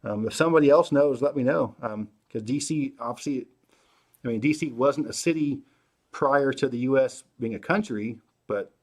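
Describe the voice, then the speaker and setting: A middle-aged man hosting a casual livestream Q&A, answering viewer questions in a relaxed way, thinking aloud with many fillers and restarts. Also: medium pitch, normal speed. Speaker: host.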